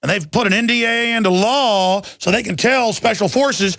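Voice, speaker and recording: Gravelly, high-pitched ranting man. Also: normal speed, few pauses, a bit bright, dry recording, clean studio sound. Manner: ranting, combative, scornful. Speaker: radio talk show host. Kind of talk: angry radio monologue.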